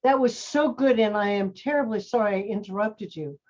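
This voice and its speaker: Speaking a little fast in a darkish, mid-range voice, a woman coaches acting students on a video call. She's encouraging and calls them sweetie and honey, and the call audio is dull and lo-fi.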